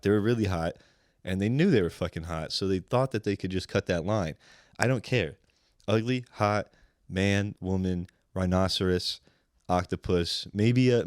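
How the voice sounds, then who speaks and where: A man's voice: low voice, dry recording, clean studio sound. A young man, a guest comedian, telling a profane, ranting story in casual podcast chat.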